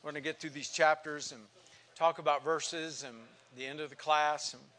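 A man in his sixties gives a sermon-style Bible lesson in a bright, forceful voice that sits a little high. He reads scripture with passion, dropping soft and then rising loud. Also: fairly even intonation, moderate pace. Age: 60s. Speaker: Bible teacher.

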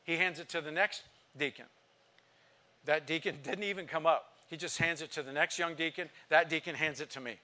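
A fairly high, bright, forceful male voice moves along fairly quickly. It belongs to an older pastor telling an emotional sermon story with earnest feeling, acting out what each person said.

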